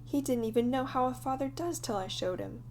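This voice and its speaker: A woman's voice: sits high, brisk, darkish tone, slight background noise, pitched above the performer's own voice, natural voice. Woman voicing a grumbling boy, sulky, storybook audiobook.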